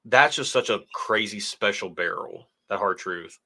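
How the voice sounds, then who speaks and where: A man's voice: fairly low pitch, unhurried, pushed and bright. A man co-hosting a casual whiskey tasting livestream, chatting and reading viewer comments aloud. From United States. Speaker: whiskey show co-host.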